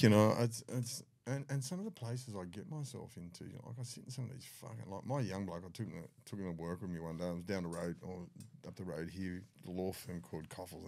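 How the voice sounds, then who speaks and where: A middle-aged man with an Australian accent and a very deep, low-pitched voice. He spins rough, profane yarns in a casual chat, breaking into laughter as he goes. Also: a little fast, mellow. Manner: profane, laughing yarn-spinner. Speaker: guest. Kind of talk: casual storytelling.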